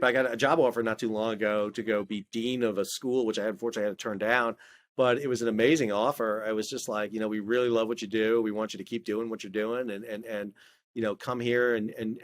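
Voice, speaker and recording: A man's voice: mid-range voice, fast. A middle-aged man, a former ship officer, telling stories in a casual interview, restarting often and acting out dialogue. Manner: animated, many restarts, acts out quoted dialogue. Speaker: guest, maritime expert and video creator.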